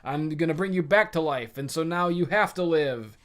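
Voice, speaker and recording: A man's voice: fairly high pitch, normal speed, a bit bright, close to an everyday voice. A man doing a crude, irritable sky god. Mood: scornful. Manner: profane and mocking.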